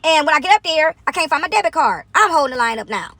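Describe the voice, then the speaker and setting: Woman, high bright voice, chatty storyteller, "right?" after every point. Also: quick pace, no room sound. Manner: animated, chatty, frequent "right?" asides. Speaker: vlogger. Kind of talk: casual storytelling monologue.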